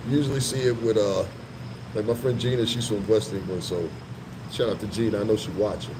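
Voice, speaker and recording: A man's voice: lowish voice, fairly even intonation, fairly quick, noisy background. A man vlogging in a casual, rambling storytelling monologue that is profane and full of asides. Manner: profane, rambling, laughs between remarks.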